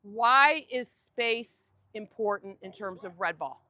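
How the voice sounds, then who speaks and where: A woman coaching a group on an outdoor tennis court, giving lively directions and asking the group questions. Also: mid-range voice, takes it slowly, dry recording.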